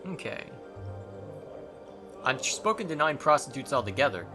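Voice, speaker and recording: A man hosting a let's play, reading dialogue choices and commenting in a wry, relaxed way. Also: mid-range voice, normal speed, music in the background.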